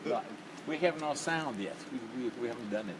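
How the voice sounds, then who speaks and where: In a casual backstage video chat, a middle-aged bandleader and musician greets his band on the concert stage prior to sound check, laughing frequently. His voice is medium in pitch, animated and a little fast, with loud stage noise around him.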